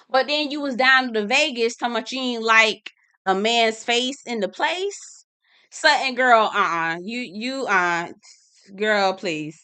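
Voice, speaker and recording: A woman with a bright, forceful voice runs a chatty recap. She is sassy and teasing and talks straight to her viewers. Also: mid-range voice. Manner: sassy, calls viewers "y'all" and "girl"; laughs and teases, animated. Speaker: reality TV recap host. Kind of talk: chatty commentary video.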